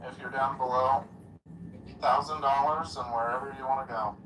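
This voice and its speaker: A man's voice: fairly even intonation, moderate pace. A man hurling crude insults and swearing back in a group voice chat. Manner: insulting, swinging pitch, swearing. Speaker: voice chat participant. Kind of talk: crude trolling banter. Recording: distant echoey voice chat with background noise.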